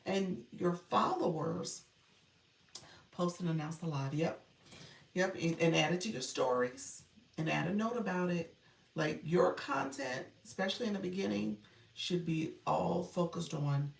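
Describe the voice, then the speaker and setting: A woman's voice: fairly low pitch, animated, normal speed, vocal fry, reverberant, far from the mic. A woman coaching on a livestream in casual chat, reading comments, laughing often and thanking viewers by name.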